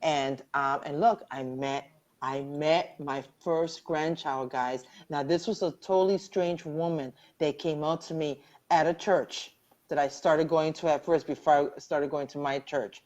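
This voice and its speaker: A woman's voice: low-pitched, steady tone, unhurried, a little mellow. A middle-aged woman earnestly sharing her personal story as a cancer survivor in a live online interview, often repeating phrases for emphasis.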